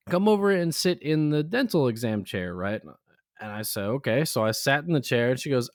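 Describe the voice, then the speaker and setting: A man in his twenties co-hosting a casual podcast, telling a story with lively acted-out quotes while in jaw pain. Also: fairly quick, no echo, studio quality. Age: 20s. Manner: animated storytelling, acts out quotes with raised pitch. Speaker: podcast co-host. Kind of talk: casual chat.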